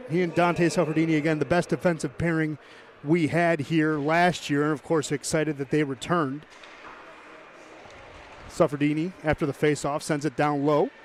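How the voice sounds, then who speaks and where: A man calling live hockey play-by-play, brisk and chatty, tossing in joking asides. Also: a little high. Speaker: play-by-play commentator.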